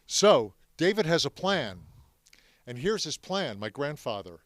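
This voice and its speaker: A man's voice: a little high, sing-song, unhurried, fairly bright tone, dry recording. Brief: man addressing a class, emphatic, checks in with listeners, dry close sound. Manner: emphatic, addresses the audience with questions. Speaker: speaker telling his family's story to students. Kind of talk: classroom talk.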